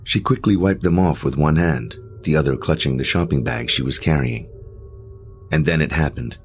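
A man's voice: very deep voice, moderate pace, faint music behind. A man narrating a first-person horror story in an emotional, intense way.

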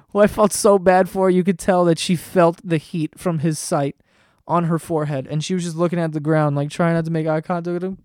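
Excitable man telling a comic story. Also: on the high side, clear, resonant tone, dry recording, studio quality. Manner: excitable, swears often, breaks into laughter. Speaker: comedy podcast host.

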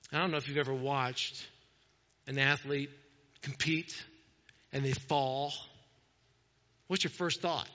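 A man's voice: a little high, bright, forceful tone, in a large hall, dull audio. A man preaching a sermon as pastor, pressing his points with emphatic repeated calls. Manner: preaching with rising, emphatic repetitions.

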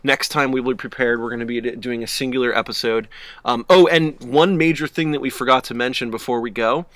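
A man's voice: mid-range voice, steady tone, a little fast, fairly bright tone, no echo. A young man co-hosting a podcast, telling stories in casual chat, laughing and acting out quotes. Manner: laughing storyteller, acts out quotes. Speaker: podcast co-host.

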